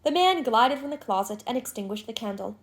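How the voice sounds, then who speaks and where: A woman reads a classic novel aloud in a measured, expressive way. Her voice sits fairly high for a woman. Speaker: audiobook narrator. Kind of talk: scripted narration of a classic novel.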